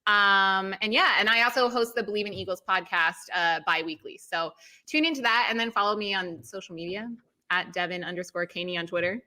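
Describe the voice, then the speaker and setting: A woman's voice: mid-range voice, a little fast, bright, forceful tone. A woman guest on a sports show, a sideline reporter and podcast host, chatting casually and upbeat. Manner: upbeat, laughs easily. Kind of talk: casual interview chat.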